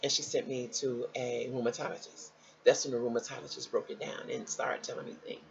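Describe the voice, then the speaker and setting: A woman tells a long personal story to her viewers, her voice gravelly and climbing high whenever she quotes someone. Her speech is loose and conversational, and the lo-fi recording sounds a little dull. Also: brisk. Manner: animated, jumps high when quoting others; conversational, addresses viewers as y'all. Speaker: vlogger sharing a personal health story.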